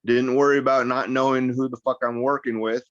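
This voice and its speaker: A man's voice: mid-range voice, level tone, a little fast, no room sound. A man being interviewed as a wrestler guest, telling stories in a rambling, profane way and acting out the voices of the people he quotes. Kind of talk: casual interview storytelling. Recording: slightly muffled, dry recording.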